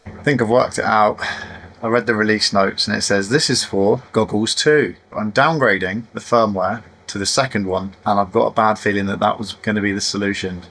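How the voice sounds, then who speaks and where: This man's voice is on the low side and fairly bright, steady in tone and fairly quick. He's an FPV drone vlogger tinkering at his workbench, chatting casually while he goes. Frustrated by setbacks, he mocks himself, sighing and laughing through them.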